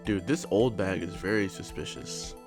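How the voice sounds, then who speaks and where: A man's voice: low voice, normal speed. A man making casual, wry asides while playing and reading a story game aloud. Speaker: gaming streamer. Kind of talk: let's play commentary. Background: game music.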